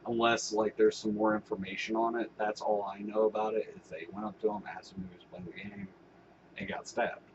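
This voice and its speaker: A man's voice: lowish voice, lively intonation, brisk, gravelly, highs cut off, slight background noise. A man talking casually to camera as a vlogger, rambling and swearing with laughing asides. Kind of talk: casual vlog commentary.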